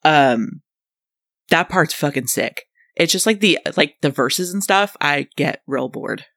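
A co-host in a casual music podcast, relaxed, reading from notes and swearing casually. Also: mid-range voice, a little slow, creaky, no echo, clean studio sound.

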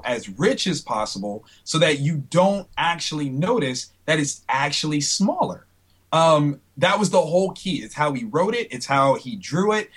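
A comic book creator talks in a casual interview, lively and animated. His voice sits fairly high for a man. He slips into other voices as he tells stories. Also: husky. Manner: animated storyteller, acts out quotes.

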